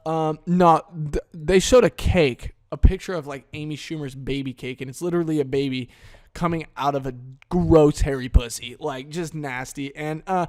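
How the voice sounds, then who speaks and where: A man's voice: fairly high pitch, fairly even intonation, normal speed, darkish tone. A man hosting a casual solo podcast, ranting crudely and dismissively with constant swearing, leaning over a desk microphone. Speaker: podcast host. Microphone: desk microphone he leans over.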